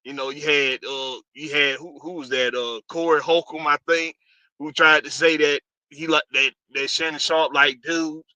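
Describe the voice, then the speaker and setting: A man's voice: on the high side, steady tone, moderate pace, sharp tone, dry recording. A man hosting a casual live stream, rambling loosely and greeting viewers by name.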